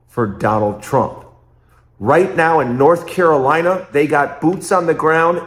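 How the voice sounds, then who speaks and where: A man hosting his own political commentary show, talking emphatically and repeating phrases in quick rhetorical bursts. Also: fairly high pitch, roomy sound.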